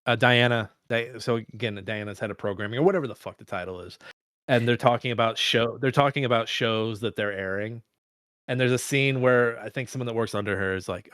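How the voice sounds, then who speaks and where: A man co-hosting a film podcast, talking in a profane, excitable, rambling way. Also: lowish voice, brisk, no echo, studio quality. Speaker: podcast co-host. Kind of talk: casual film discussion.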